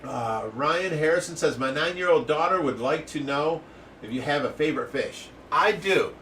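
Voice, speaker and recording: Brightly laughing man reading live chat. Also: on the high side, expressive, far from the mic, a little hiss or hum. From Ohio. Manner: laughing, hurried, reads comments aloud. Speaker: fish rescue co-host reading live chat. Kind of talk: casual live-stream chat.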